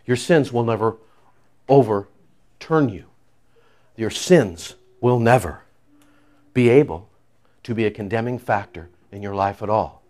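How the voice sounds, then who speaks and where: A man preaching a sermon, emphatic and repetitive, swinging from loud declarations to hushed prayer. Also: fairly low pitch, measured pace, pauses often. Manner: repeats phrases for emphasis. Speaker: pastor.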